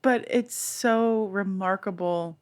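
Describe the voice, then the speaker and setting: A woman's voice: mid-range voice, slow, a little mellow. A woman hosting a casual podcast conversation, encouraging her guest and laughing often.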